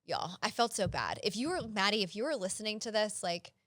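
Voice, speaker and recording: A woman's voice: mid-range voice, animated, brisk, a bit bright, no room sound, clean studio sound. A young woman co-hosting a casual podcast chat, telling stories in a rambling way full of "like". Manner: rambling, filler-heavy storytelling with lots of "like". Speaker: podcast co-host.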